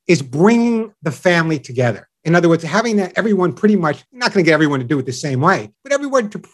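Middle-aged man, pet expert guest; slightly high voice, animated storyteller. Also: fast talker. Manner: animated storyteller acting out owners and dogs. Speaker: pet show radio host and dog trainer, guest. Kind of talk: enthusiastic interview chat.

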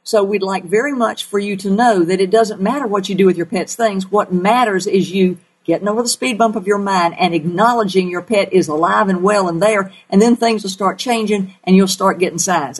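A woman's voice: medium pitch, fairly quick, hardly any pauses, husky, low-quality recording. A woman with a Southern accent hosting a call-in radio show as a pet psychic, folksy and emphatic.

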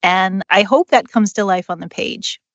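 Woman guest, mid pitch, eager and talkative, dry close mic. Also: normal speed, no echo, highs cut off. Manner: enthusiastic, chatty. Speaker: author and dog trainer. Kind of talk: interview guest.

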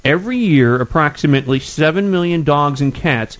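A man's voice: a little high, animated, normal speed. A man hosting a radio interview, chatting in a friendly, conversational way. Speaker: radio show host. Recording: lo-fi radio studio sound.

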